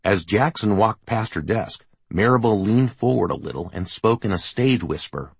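A man narrating a novel as an audiobook, steady and measured. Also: fairly low pitch, creaky, slightly rough, no echo. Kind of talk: scripted narration.

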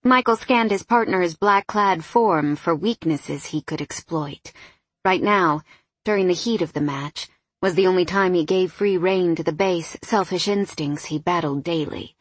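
Brief: audiobook narrator, woman, mid pitch, husky edge, dry close sound. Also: measured pace, no room sound. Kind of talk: scripted narration.

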